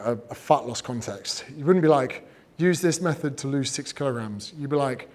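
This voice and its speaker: A man giving casual, energetic advice on growing an audience, swearing freely and acting out what people say. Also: medium pitch. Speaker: fitness and business coach giving creator advice. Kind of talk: casual talk, teaching.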